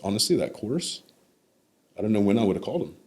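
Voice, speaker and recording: A podcast guest in his thirties tells a personal story, pausing to think and sometimes acting out what others said. His voice sits very low, with a husky, slightly breathy grain to it. He sounds reflective rather than showy. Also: big pitch swings, darkish tone.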